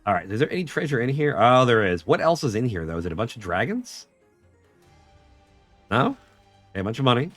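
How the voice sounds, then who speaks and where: A man's voice: mid-range voice, a little fast, long pauses, no echo, faint music behind. A man chatting casually and joking with profanity while streaming a game. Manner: joking, profane, lively banter. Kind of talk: casual gaming chat.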